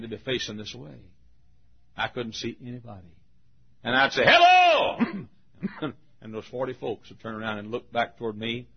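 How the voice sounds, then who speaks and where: An older man with a Southern US accent, preaching in a folksy, animated storytelling style. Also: fairly low pitch, gravelly, slightly rough. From Southern United States. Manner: folksy, animated, hollers and laughs. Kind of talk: storytelling sermon. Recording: dull lo-fi recording.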